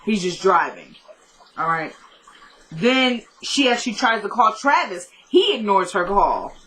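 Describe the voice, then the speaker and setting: A woman chats through an episode recap in a bright voice that sits in an ordinary middle range. She acts out the characters' lines as she retells each scene and drops blunt, lightly profane asides along the way. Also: medium pitch, big pitch swings, measured pace, rough recording. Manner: blunt asides with mild swearing.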